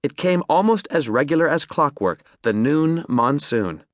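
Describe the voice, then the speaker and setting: A man reading an audiobook as narrator, in measured, descriptive storytelling. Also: fairly high pitch, animated, no room sound, clean studio sound. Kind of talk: scripted narration.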